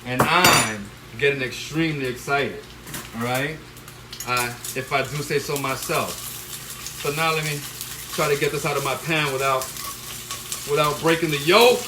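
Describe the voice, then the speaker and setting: A middle-aged man, a chef, hosts a live cooking demonstration in his home kitchen, coaching viewers with repeated "all right?" and bursting into loud whoops. He talks into a handheld phone. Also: medium pitch, moderate pace, pauses often. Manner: coaching, tags lines with "all right?" and "okay?". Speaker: chef hosting a cooking stream. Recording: kitchen noise with frying sizzle.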